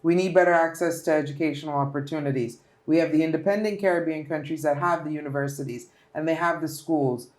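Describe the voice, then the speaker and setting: A woman's voice: deep voice, fairly even intonation, fast talker, hardly any pauses, a little mellow, echoey room. Earnest Turks and Caicos woman politician. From Turks and Caicos Islands. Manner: earnest, emphatic, speechlike. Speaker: politician guest. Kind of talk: interview answers.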